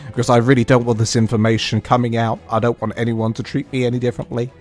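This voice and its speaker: A man voicing an anxious grieving woman in a put-on American accent, pleading in a hushed, earnest way. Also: mid-range voice, little pitch movement, quick pace, faint music behind, pitched below the performer's own voice, close to an everyday voice.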